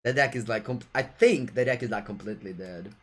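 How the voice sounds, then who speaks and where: Here a streamer with an Italian accent talks a little fast in a medium-pitched, fairly bright voice. He narrates his own card game for viewers, joking around with them and goading the player he's up against.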